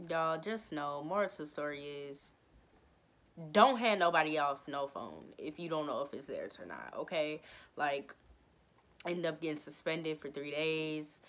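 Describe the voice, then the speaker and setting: A young woman vlogger telling a storytime in a casual, slangy, animated way. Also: low-pitched. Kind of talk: storytime vlog.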